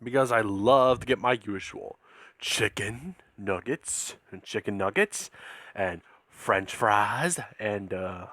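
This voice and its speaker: A man's voice: lowish voice, a bit bright, dry recording, clean studio sound. A man casually telling a made-up story, rambling along with many restarts and repeated words. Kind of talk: casual spoken fan-fiction story.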